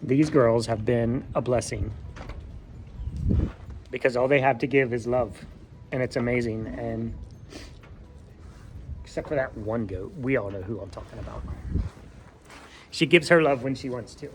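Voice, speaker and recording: A man's voice: medium pitch, unhurried, pauses often, darkish tone, a little hiss or hum. A farmer vlogging in a goat barn, chatting playfully and cooing baby talk at his goats. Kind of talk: casual vlog chat with farm animals.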